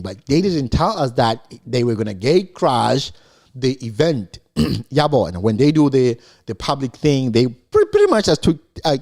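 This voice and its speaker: A man recapping a TV episode in casual, animated commentary, acting out the characters as he retells scenes. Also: medium pitch, a little slow. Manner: animated, mimics characters in quotes. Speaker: show recap host.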